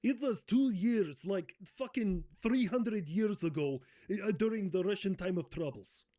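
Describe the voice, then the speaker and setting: A man with a slightly raised pitch, hosting a satirical comedy role-play. He jabs at the others with profane mockery and sudden shouted outbursts. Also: expressive, measured pace. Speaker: host.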